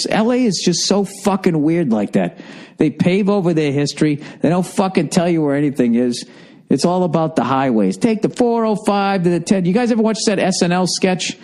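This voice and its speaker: A middle-aged man with a slightly high, slightly mellow voice hosts a solo podcast, rambling through a profane, exasperated comic rant about being overfull and thirsty.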